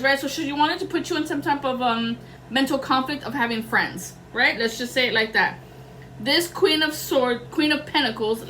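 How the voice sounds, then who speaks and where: A woman's voice: high-pitched, a bit bright, slight background noise, poor audio. A young adult woman doing a casual tarot reading, rambling and slangy, swearing freely. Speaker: tarot reader.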